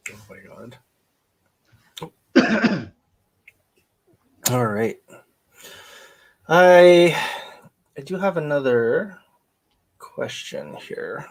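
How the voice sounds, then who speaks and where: Lively low-voiced woman co-hosting a podcast. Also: extremely slow, pauses often. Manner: laughing, animated retelling with quoted dialogue. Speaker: podcast co-host reading listener comments. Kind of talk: casual chat.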